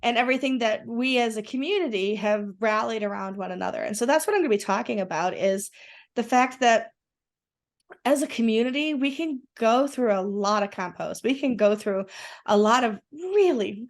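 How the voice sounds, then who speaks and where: Excited talkative woman, fairly high voice. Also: normal speed. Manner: enthusiastic, rambling with restarts. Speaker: guest. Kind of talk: casual conversation.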